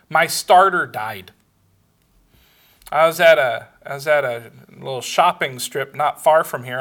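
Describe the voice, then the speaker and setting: A man's voice: a little high, pushed and bright. A man preaching a sermon, telling a personal story with laughs and acted-out dialogue. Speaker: pastor.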